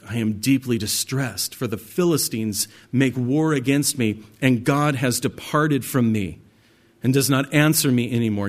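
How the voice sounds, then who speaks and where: A man with a mid-pitched voice teaching a Bible study as a pastor. He reads verses aloud at a measured pace, then talks them through in an easy, direct way, as if speaking to friends. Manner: reads scripture aloud, then explains it in a conversational way; addresses listeners directly as "guys".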